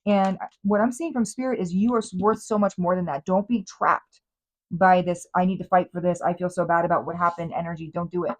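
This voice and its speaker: A woman's voice: medium pitch, rough recording. A woman hosting a tarot reading, talking in a chatty, emphatic way with many fillers and restarts. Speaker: tarot reader and host.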